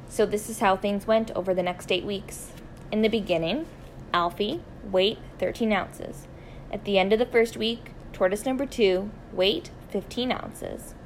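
A woman reading a children's story aloud, expressive and deliberate, slowing down for emphasis. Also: mid-range voice, a little hiss or hum, poor audio.

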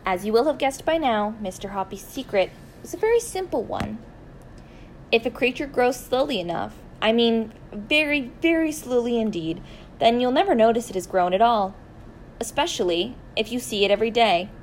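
A woman reading a children's story aloud, expressive and deliberate, slowing down for emphasis. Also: a little high, a little hiss or hum, low-quality recording.

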